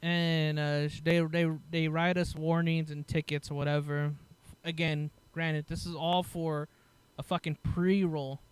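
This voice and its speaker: On the high side and clean in tone, a man's voice moves a little slowly with few pauses as he tells a story on his podcast. The chat is casual and animated; he curses frequently, laughs, and performs other people's lines.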